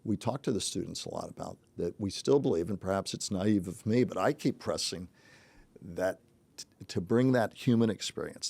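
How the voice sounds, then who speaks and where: A man's voice: lowish voice, darkish tone. An older man hosting a casual podcast chat, reflective and chuckling, with many restarts. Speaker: podcast host, journalism teacher.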